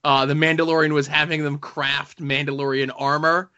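A man's voice: a little high, flat delivery, moderate pace, sharp tone. A man co-hosting a podcast, chatting casually and joking as he rambles with fillers about comics and TV. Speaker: podcast co-host. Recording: dull lo-fi sound.

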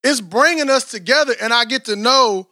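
Guy in his 40s, rambly slangy podcast chat, bright high voice. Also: moderate pace, no room sound, clean studio sound. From Texas, USA. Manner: animated, rambling, slangy, frequent "you know what I'm saying". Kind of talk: casual chat.

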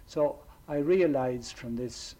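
A middle-aged man, a priest, giving a reflective storytelling sermon with measured pauses. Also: mid-range voice, mellow, rough recording.

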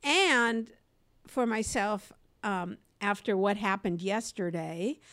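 An older woman, co-hosting a podcast and telling stories in an animated way, swinging from quiet asides to loud outbursts and laughing often. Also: mid-range voice, slow pace, no room sound, studio quality. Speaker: podcast co-host and comedy teacher. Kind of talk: animated conversational storytelling.

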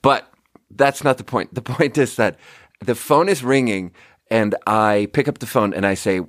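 A man's voice: mid-range voice, normal speed, dry recording, studio quality. A man hosting a podcast, rambling casually, swearing often and laughing at his own jokes. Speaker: podcast host. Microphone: close studio mic.

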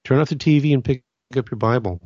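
A man's voice: mid-range voice, quick pace, a little mellow, dry recording, lo-fi sound. A middle-aged man from Southern California talking about faith in a casual, earnest way, often restarting his sentences. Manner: conversational, earnest, many restarts. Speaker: Catholic podcast host. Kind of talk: casual spiritual talk.

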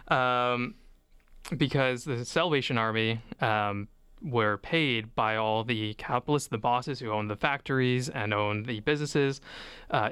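A man's voice: mid-range voice, fairly bright tone, clean tone, no room sound. A man from the United States, a podcast guest, explaining history in an earnest, informative way.

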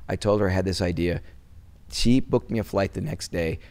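A middle-aged man from Wisconsin talks as an interview guest in a very low, gravelly voice. He rambles through his stories, restarting his sentences often, and grows softer when he turns to painful memories. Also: fairly quick. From Wisconsin, USA. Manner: rambling, many restarts, turns soft when recalling loss. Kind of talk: casual interview conversation.

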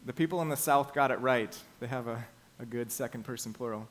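A man preaching a sermon as pastor, emphatic and slowing down to stress the key phrases. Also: mid-range voice, steady tone.

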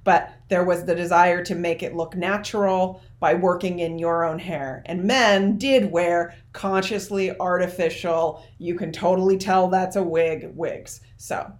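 A woman's voice: lowish voice, steady tone, unhurried, few pauses. A woman co-hosting a podcast, casually and frankly adding explanations and caveats. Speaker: podcast co-host. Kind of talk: casual chat.

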